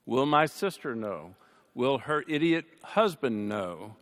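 A man speaking on a panel, telling a personal family story in a conversational way, with dry humor, his voice softening at the sad moments. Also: medium pitch, big pitch swings, slow. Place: large chapel. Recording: long reverb of a large hall.

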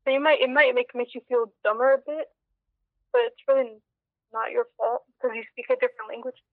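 A woman's voice: fairly high pitch, steady tone, fairly quick, no echo. A young adult woman answering interview questions in a casual, reflective way, hesitating often with fillers and restarts. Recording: tinny phone-like line.

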